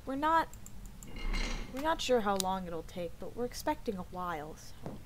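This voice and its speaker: A woman's voice: medium pitch, big pitch swings, moderate pace, long pauses, a little hiss or hum, poor audio. A young woman chatting casually while she streams a game, swearing often and sometimes dropping to a whisper. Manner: swears a lot, drops to whispers. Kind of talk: casual let's-play chat.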